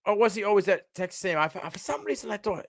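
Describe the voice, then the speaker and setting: Man, sports podcast co-host, high lively voice, excitable restarts. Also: very fast, vocal fry, no echo. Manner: animated, trails off and restarts. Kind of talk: casual sports chat.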